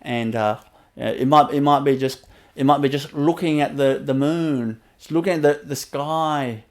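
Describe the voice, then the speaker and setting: At a measured pace and in a mid-range voice, a man teaches meditation on a webinar. His guidance is soft and repetitive, peppered with fillers and quiet laughs, in the style of a spiritual talk.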